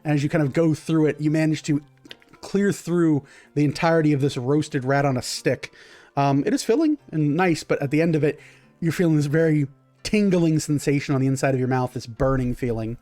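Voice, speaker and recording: A man's voice: on the high side, a little fast, mellow, dry recording, faint music behind. A man narrating a tabletop game as game master, describing scenes in a rambling way with many fillers.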